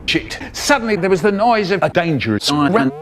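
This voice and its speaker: An older man telling a story in a spliced reading, animated and bursting into sound effects. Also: high voice, quick pace, a crowd in the background.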